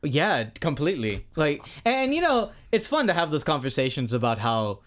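A young man co-hosting a casual podcast, talking excitedly and rambling, with frequent swearing. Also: on the high side, normal speed. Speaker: podcast co-host. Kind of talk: casual chat.

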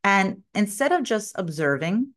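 A middle-aged woman hosting a podcast, telling a personal story and talking about spiritual growth in an animated way, acting out what people said and laughing often. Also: medium pitch, unhurried. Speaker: podcast host.

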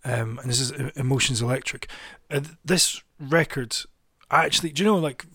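A man's voice: mid-range voice, a little fast, bright, forceful tone, husky, dry recording, studio quality. A man co-hosting a radio music show, chatting casually and rambling between records, laughing easily. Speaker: radio co-host playing records.

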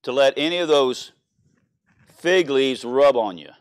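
A firm, caring old grandmother with a North Louisiana drawl, her voice pitched up and pushed out loud, as a preacher puts her on. She gives orders plainly and expects them followed. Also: expressive, a little slow, lightly acted. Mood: instructing. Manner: firm, instructing.

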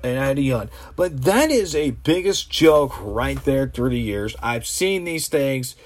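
A man's voice: medium pitch, expressive, unhurried. A man giving casual rambling commentary to camera, opinionated and exasperated, full of restarts. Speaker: vlogger.

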